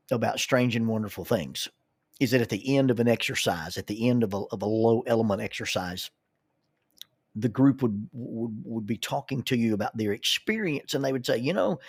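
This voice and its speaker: A man's voice: mid-range voice, moderate pace, husky, no room sound, clean studio sound. A man, a counselor and minister, telling stories in a folksy way, often repeating words as he starts a thought. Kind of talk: storytelling monologue.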